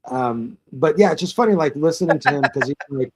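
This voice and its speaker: A man's voice: on the high side, animated, brisk, slightly rough. A man co-hosting a casual reaction chat about a TV episode, talking in an easygoing, slangy way and often saying "dude". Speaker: co-host.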